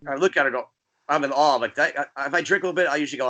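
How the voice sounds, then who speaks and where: A man from New Jersey, a guest DJ, chatting casually and telling rambling, animated stories. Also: on the high side, rapid-fire. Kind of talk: casual podcast chat.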